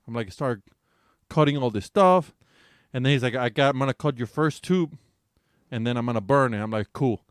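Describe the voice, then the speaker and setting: A man co-hosting a casual podcast tells a raunchy story, swearing freely and laughing as he goes. His voice sits at an ordinary middle pitch. The sound is dry and close, with no room around it. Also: normal speed, smooth, no room sound. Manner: animated, profane, laughing storyteller. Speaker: podcast co-host.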